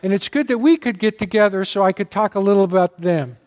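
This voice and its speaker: A pastor with a fairly high voice delivers a sermon to his congregation, telling stories earnestly and with such emotion that he sometimes gets choked up. He speaks fast, with a slightly mellow tone, his voice rising and falling as he leans on key words.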